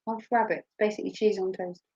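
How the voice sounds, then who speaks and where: A woman's voice: medium pitch, fairly even intonation, fast talker, a little mellow. Blunt, joking Norfolk woman on muffled audio. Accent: Norfolk English. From Norfolk, England. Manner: chatty, blunt and joking, laughs often. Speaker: host. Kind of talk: casual chat. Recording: muffled lo-fi recording.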